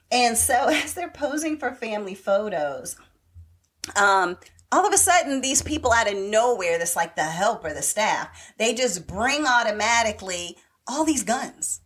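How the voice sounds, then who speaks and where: Woman, podcast co-host, casual and animated recap, mid-pitched. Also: a little slow. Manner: chatty, animated retelling with acted-out quotes. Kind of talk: casual chat recapping a TV show.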